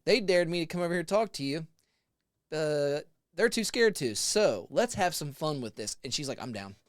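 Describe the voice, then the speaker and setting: A man's voice: fairly high pitch, normal speed, dry recording, studio quality. A man in his forties, a haunted house actor, telling a story in a casual chat with laughs, acting out other people's voices. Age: 40s. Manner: animated, laughing, acts out voices.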